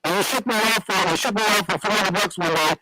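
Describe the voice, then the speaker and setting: A man's voice: high-pitched, fast talker, heavy background noise. A man telling long stories as a guest on a radio talk show, rambling with many restarts.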